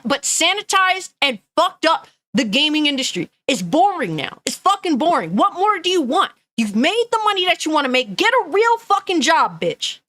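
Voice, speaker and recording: A woman who streams gaming news rants bluntly and angrily, swearing often and reading chat comments out loud. Her voice is high-pitched, pushed and bright, with no room sound.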